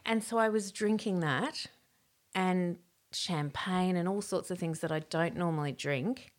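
A middle-aged woman, telling a story in casual chat, animated and laughing as she acts out quotes. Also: on the low side, a little slow.

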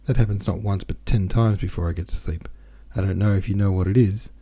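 A restless, self-pitying middle-aged merchant pleads and rambles on, voiced by a man reading a novel aloud. The voice is low and gravelly with a husky edge. It sounds very dark and mellow. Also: fairly even intonation, brisk. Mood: plaintive. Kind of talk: audiobook character voice.

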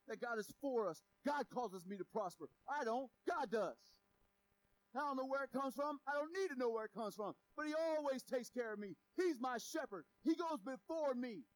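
A man preaching a sermon in a lively, conversational way, with sudden loud and quiet turns. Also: very high-pitched, rough recording. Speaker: pastor.

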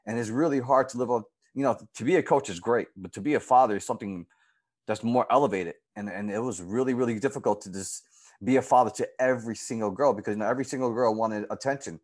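A man in the guest's seat recounts his time coaching a girls' softball team. He speaks earnestly and with feeling, and his pitch leaps when he relives key moments. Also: fast talker. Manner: earnest and emotional, lively pitch swings when retelling moments. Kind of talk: personal storytelling in an interview.

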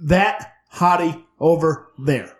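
Male podcast host, fairly high voice, steers the chat, echoey room. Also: takes it slowly, over a noisy crowd. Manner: interjecting, trying to steer the talk. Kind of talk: moderating rowdy banter.

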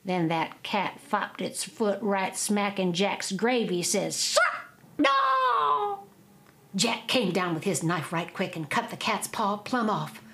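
A woman, telling an old folk tale in a drawling, expressive oral style. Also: medium pitch, measured pace, hardly any pauses, slight background noise. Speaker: storyteller.

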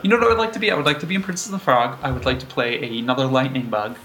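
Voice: mid-range voice, rapid-fire, fairly bright tone. A podcast co-host chatting animatedly and giggling. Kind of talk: casual chat.

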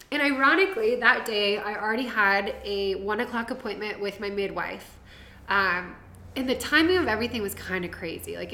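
A woman's voice: medium pitch, bright, forceful tone, a little hiss or hum. A young woman telling her birth story as a podcast guest, chatty and laughing, drifting into tangents. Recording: roomy echo.

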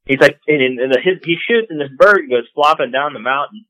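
A man, a podcast guest telling hunting stories in a casual, animated way. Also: a little high, fairly quick, no echo, low-quality recording. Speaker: podcast guest, call maker. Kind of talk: casual storytelling.

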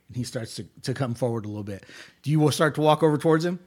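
A man narrating a tabletop game as game master, playful and quick to laugh. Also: mid-range voice, darkish tone.

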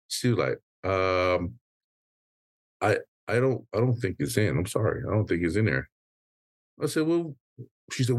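A man co-hosting a casual podcast chat, venting with a profane, animated story full of quoted back-and-forth. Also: low voice, unhurried, long pauses, husky, no room sound, studio quality. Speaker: podcast co-host.

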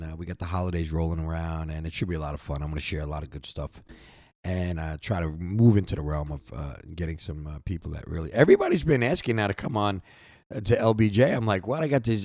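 A man's voice: sits low, darkish tone, no echo, clean studio sound. A man hosting a podcast, talking in an earnest, rambling way, often repeating words as he gathers his thoughts. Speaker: podcast host. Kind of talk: heartfelt podcast sign-off. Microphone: close microphone.

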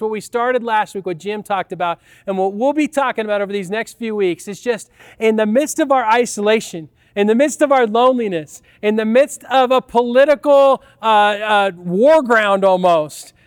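A man in his fifties delivers a sermon as a pastor, telling a personal story in a chatty, conversational way. His voice sits very high for a man. The sound is dry and close, with no room echo. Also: clean tone. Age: 50s. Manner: storytelling, conversational, addresses audience as "you guys".

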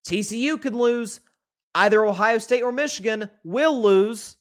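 A man's voice: sits high, dry recording, clean studio sound. Opinionated male sports podcast host. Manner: opinionated and candid, talks straight to listeners as folks; conversational with quick self-corrections. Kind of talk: solo sports talk monologue.

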